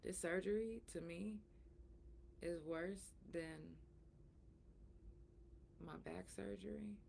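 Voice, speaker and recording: Frank, gravelly-voiced woman podcast host. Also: on the low side, slow pace, darkish tone, a little hiss or hum. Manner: emphatic, preachy and frank. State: in pain after surgery, soft and breathy at times. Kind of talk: casual solo talk.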